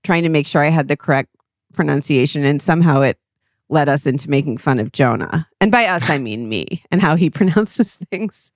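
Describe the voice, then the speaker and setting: A woman's voice: sits low, brisk, no echo, studio quality. A woman co-hosting a casual podcast, playful and teasing, laughing easily. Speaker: podcast co-host. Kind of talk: casual chat.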